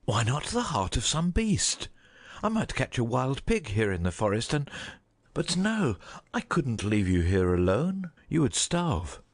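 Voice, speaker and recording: A man voicing a loyal huntsman torn between duty and mercy, in a slow, heavy, pleading delivery. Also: mid-range voice, very animated. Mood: worried.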